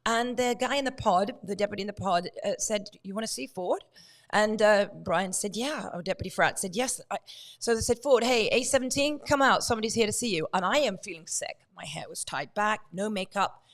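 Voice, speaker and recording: A woman guest on a talk show, telling a story in a lively way and acting out the dialogue. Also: medium pitch, a little fast. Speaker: guest, true crime author.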